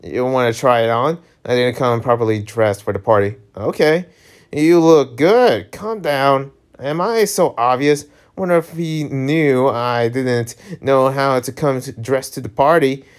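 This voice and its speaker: A man's voice: mid-range voice, a little slow, smooth. A man casually reading a webtoon aloud, stumbling over lines and laughing at his own slips. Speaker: webtoon reader.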